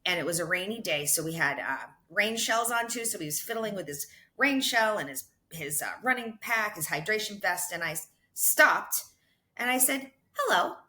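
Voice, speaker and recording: A middle-aged woman, a podcast guest, telling her running story in a casual, animated way, laughing often and restarting her sentences. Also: medium pitch. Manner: animated, quick to laugh, self-correcting restarts. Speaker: podcast guest, ultra runner.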